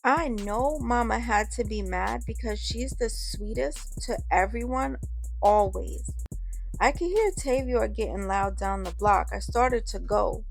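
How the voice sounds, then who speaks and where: A woman's voice: on the high side, unhurried, vocal fry, soft background music. A woman narrating a first-person story in a casual, slangy way.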